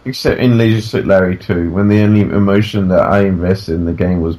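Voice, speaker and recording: A man co-hosting a casual podcast, teasing and animated, laughing often. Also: deep voice, brisk. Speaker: podcast co-host and game developer.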